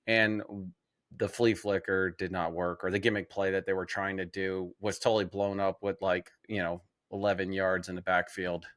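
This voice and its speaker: A man's voice: low-pitched, little pitch movement, normal speed, a bit bright, no room sound, studio quality. A man co-hosting a sports podcast in casual chat, jokey and steering the topics, often restarting his sentences. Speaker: podcast co-host.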